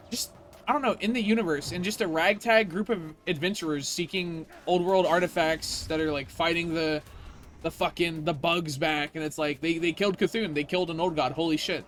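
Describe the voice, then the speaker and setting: A man's voice: a little high, normal speed, fairly bright tone, slight background noise. A man streaming a video game, ranting in casual, profane commentary.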